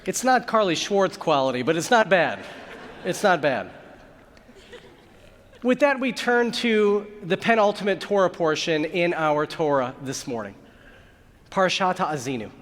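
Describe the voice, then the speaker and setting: A man's voice: sits high, fairly bright tone. A man who is a rabbi, giving a sermon and telling a joke as a story, acting out the voices of its characters. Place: large synagogue sanctuary. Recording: long hall reverb.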